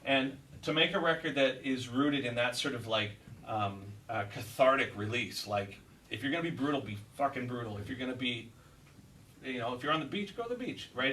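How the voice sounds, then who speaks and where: A man's voice: mid-range voice, far from the mic, a little hiss or hum, rough recording. Rambling man at a store guitar clinic. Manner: rambling, animated, laughing, lots of fillers. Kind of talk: casual live talk to an audience. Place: music store in front of a live audience.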